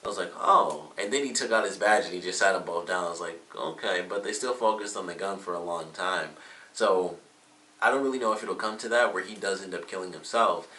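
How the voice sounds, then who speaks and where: A man's voice: deep voice, quick pace, sharp tone. A man giving a casual, rambling review of a TV episode, with lots of fillers and self-corrections. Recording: roomy echo, mic at a distance.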